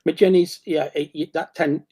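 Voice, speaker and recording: A man in casual chat, excitable and rambling, with many restarts and bursts of acted-out quotes. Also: a little high, normal speed, husky.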